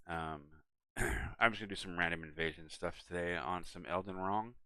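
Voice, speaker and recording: A young man streaming a game, chatting to viewers in a relaxed, rambling way and yawning now and then. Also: sits low, moderate pace, dry recording. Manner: relaxed, rambling, talks to chat and his cat. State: yawning, tired. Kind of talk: casual live-stream chat.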